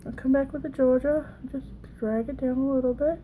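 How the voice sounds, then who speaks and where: A woman's voice: sits high, fairly even intonation, brisk, warm tone, a little hiss or hum, rough recording. Chatty Southern woman in her thirties. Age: 30s. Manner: chatty, rambling, self-deprecating. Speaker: makeup vlogger. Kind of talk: casual get-ready-with-me makeup tutorial.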